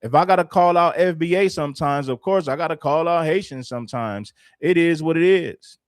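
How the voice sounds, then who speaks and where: A man's voice: fairly high pitch, brisk, hardly any pauses, no echo, studio quality. A man casually commenting on a livestream, plain-spoken and repeating points for emphasis. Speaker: streamer host.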